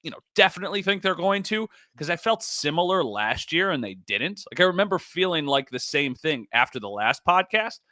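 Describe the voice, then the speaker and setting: Young man chatting sports, bright tone. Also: a little high, very animated, a little fast, few pauses, no echo, clean studio sound. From Western New York. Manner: conversational, frequent "like" fillers. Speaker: podcast co-host. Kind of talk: casual sports talk.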